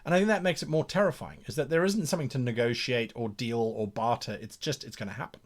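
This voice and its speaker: A man game master brainstorming a campaign live, reading viewer comments aloud and thinking out loud with restarts and repeats. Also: mid-range voice, fast talker.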